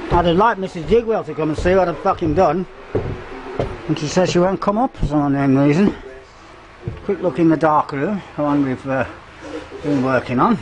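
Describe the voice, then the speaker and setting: A man's voice: fairly high pitch, noisy background. Older man swearing through a loft tour. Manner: swears constantly, forgetful, gropes for words. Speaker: vlogger renovating his cottage. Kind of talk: rambling walk-through narration. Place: inside a derelict cottage loft.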